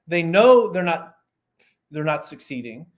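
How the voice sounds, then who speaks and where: A man, a performance coach guest on a podcast who explains ideas through lively stories and examples. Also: a little high, unhurried. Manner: animated storyteller, explains with examples and asides. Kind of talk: casual podcast conversation.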